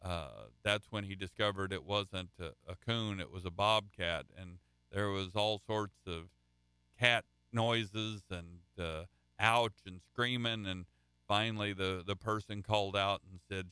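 Bright, crisp-voiced male preacher. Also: on the low side, measured pace, no echo, clean studio sound. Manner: conversational preaching with restarts and folksy stories. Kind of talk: sermon.

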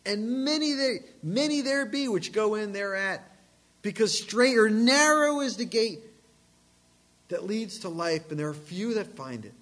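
A man delivers a sermon in a church, his voice sitting high for a man. He drives home points with sudden loud emphasis and then pulls back to a hushed tone. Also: a little slow. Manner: emphatic, dramatic swings in volume and pitch. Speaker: pastor.

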